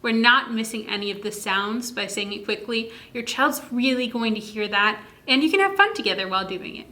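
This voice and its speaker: A woman explains reading tips to parents in a bright, clear voice that sits a little high. She speaks in a friendly, encouraging teacher's manner and sometimes draws words out very slowly so each sound can be heard. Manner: slow, stretched-out words to demonstrate sounds. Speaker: early literacy educator. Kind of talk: instructional video talk to parents.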